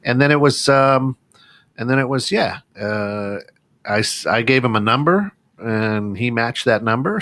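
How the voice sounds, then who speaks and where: A man's voice: lowish voice, fairly bright tone, no echo. A man hosting a casual radio talk show, telling a long story in a loose, rambling way with many restarts. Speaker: radio station owner and co-host. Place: small radio studio.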